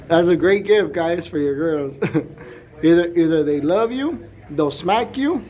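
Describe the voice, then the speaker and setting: A man's voice: on the high side, expressive, slow, warm tone. Laughing, teasing man vlogging in his truck. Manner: laughing, teasing, addresses viewers. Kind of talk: casual vlog. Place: in his truck, then outdoors in an alley. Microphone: phone camera.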